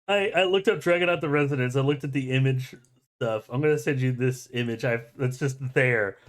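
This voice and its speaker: A man's voice: medium pitch, a little fast. A man, a guest on a casual chat show, who reacts with disbelief and laughs easily.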